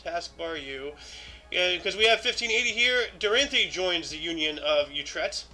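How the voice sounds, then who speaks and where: A man's voice: sits high, lively intonation, moderate pace, bright, forceful tone, faint music behind, poor audio. A man hosting a livestream, reading historical dates aloud and then chatting loosely about each one, with many ums and restarts. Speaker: host of a daily history show.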